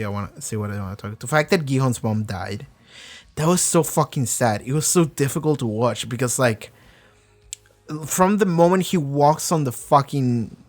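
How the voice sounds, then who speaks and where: A young man, not a native English speaker, talks through a TV episode in a loose, animated reaction style, swearing freely and acting out characters' lines. His pitch sits in a middle range. Faint music plays underneath. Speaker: reaction video host. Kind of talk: casual reaction and review.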